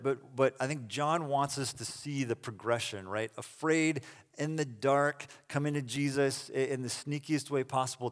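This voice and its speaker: A man delivering a sermon in a relaxed, chatty way, slipping into lively voices as he retells the story. His voice sits a little high for a man, and it rings with the long reverb of a large hall. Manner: conversational, animated retelling with casual asides. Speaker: pastor.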